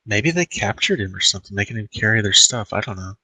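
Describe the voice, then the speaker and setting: A man's voice: fairly low pitch, animated, quick pace, bright, forceful tone, breathy edge, no room sound, low-quality recording. A man playing a tabletop game, tentative and polite. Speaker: player.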